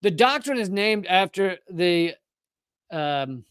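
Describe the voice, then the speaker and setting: High, smooth-voiced sarcastic male commentator. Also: expressive, takes it slowly, a bit bright, no room sound. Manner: sarcastic and mocking. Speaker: live-stream commentary host. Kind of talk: live-stream political commentary.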